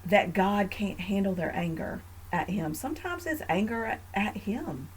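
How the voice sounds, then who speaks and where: A woman hosting a faith podcast, talking in an earnest, reflective way with frequent fillers and growing animated in family stories. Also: mid-range voice, moderate pace, husky, low-quality recording. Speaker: podcast host.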